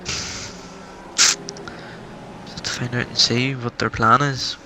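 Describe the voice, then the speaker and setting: A man's voice: medium pitch, little pitch movement, takes it slowly. A man casually commentating a sim race, chatty and wondering aloud. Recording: noisy game audio behind. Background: racing car engine noise.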